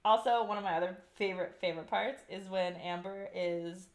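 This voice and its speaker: A woman's voice: mid-range voice, fairly even intonation, a little fast. A woman co-hosting a casual book review podcast, often laughing and acting out characters' lines. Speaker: podcast co-host.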